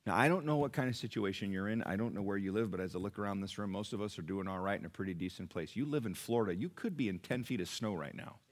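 A middle-aged man preaching a sermon to his church, emphatic and swinging from quiet to loud. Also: on the low side, quick pace, few pauses. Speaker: pastor.

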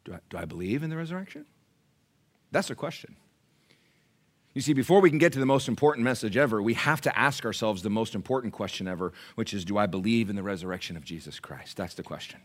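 A man preaching a sermon in a church, lively, calling out to the congregation and acting out little voices. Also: on the low side, quick pace. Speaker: pastor.

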